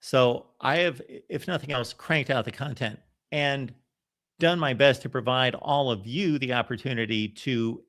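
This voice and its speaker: A man's voice: medium pitch, unhurried. A man hosting a college football channel, talking in a casual, emphatic live-stream monologue and acting out what others said. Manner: animated, emphatic, quotes others in voices.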